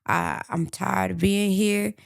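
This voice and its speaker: A woman's voice: medium pitch, steady tone, slow, gravelly, no room sound, studio quality. A woman voicing a stressed woman suspect who keeps denying everything and complaining that she is tired and upset. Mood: defensive. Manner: defensive, complaining.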